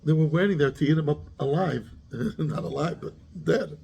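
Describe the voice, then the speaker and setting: A man's voice: a little high, moderate pace, gravelly, mellow, slight background noise. A man, a rabbi giving a Torah class who keeps asking his students questions and mixes Hebrew terms into his English.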